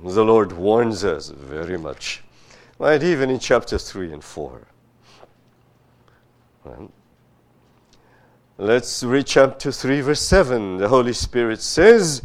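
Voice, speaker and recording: A male preacher delivering a sermon at an unhurried pace, his pitch swinging widely as he drives home each point. He reads scripture with rising force and keeps turning to his listeners with pointed rhetorical questions. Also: sing-song. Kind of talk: sermon, Bible exposition.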